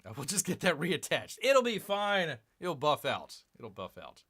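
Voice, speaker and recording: Lively, bright-voiced man hosting a stream. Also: fairly high pitch, measured pace, slightly rough. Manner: rambling, self-mocking, calls himself Bear. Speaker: live stream host unboxing comics. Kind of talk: casual live-stream chat.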